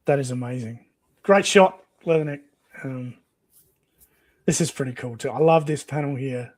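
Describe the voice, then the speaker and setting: A man's voice: medium pitch, normal speed, no room sound. A man hosting a casual comic read-along, chatty and laughing often. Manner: chatty, laughs often, voice rises and falls a lot. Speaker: host.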